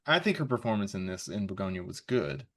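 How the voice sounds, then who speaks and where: A man's voice: low voice, sing-song, fast. A man guest on a podcast in casual chat, rambling and restarting his sentences. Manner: rambling, restarts, laughs a lot.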